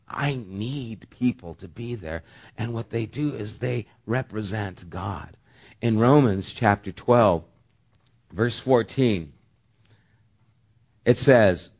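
A middle-aged man preaching a sermon, earnest, rising to loud emphasis and dropping to hushed near-whispers. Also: on the low side, animated, slow. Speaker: pastor.

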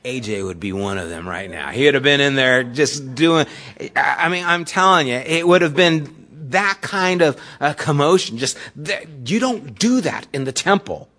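A man's voice: medium pitch, normal speed, bright, forceful tone. A man preaching a sermon as the pastor, retelling scripture in everyday, conversational words.

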